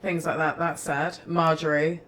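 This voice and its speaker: A woman co-hosts a podcast in easy, enthusiastic chat. Her voice sits a little low, and she laughs readily. Faint background noise runs under the recording. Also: little pitch movement, a bit bright. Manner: enthusiastic, agreeable, quick to laugh. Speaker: podcast co-host. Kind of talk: casual chat.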